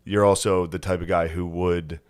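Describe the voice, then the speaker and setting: Podcast co-host, man with a lowish voice, crude wisecracks, laughs often. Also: level tone, normal speed, clear, resonant tone. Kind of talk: casual comedic banter.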